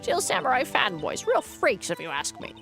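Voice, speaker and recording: A woman voicing a nosy, gossipy old woman security guard with a creaky voice. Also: high voice, wildly swooping pitch, normal speed, a bit bright, soft background music, pitched above the performer's own voice, heavily acted. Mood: disdainful.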